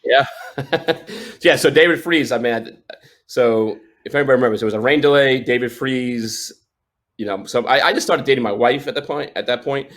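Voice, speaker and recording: A man's voice: mid-range voice, moderate pace, a bit bright. A man in his forties, a sports photojournalist, telling stories in a casual interview, rambling with restarts and fillers and laughing often. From New York.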